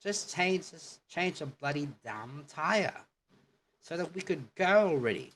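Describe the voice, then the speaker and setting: A man putting on a shrill impatient Brit. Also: expressive, measured pace, fairly bright tone, slight background noise. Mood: exasperated. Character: exasperated British man, impatient.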